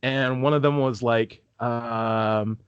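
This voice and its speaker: A man's voice: medium pitch, steady tone, slow pace, smooth, no room sound, highs cut off. A young man from California, a guest on a video call, chatting casually and rambling with many fillers. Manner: rambling, lots of "like", acts out quoted voices. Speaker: street epistemologist guest. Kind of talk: casual interview chat.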